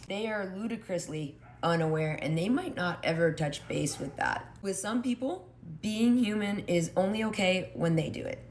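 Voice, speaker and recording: A woman giving an opinionated monologue on relationships, emphatic and sardonic, acting out quoted arguments. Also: on the low side. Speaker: commentator on relationships.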